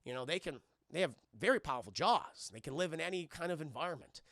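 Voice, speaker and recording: A man voicing a smooth-talking, threatening male crime boss in a calm, low tone. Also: fast talker, dry recording, studio quality. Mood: menacing.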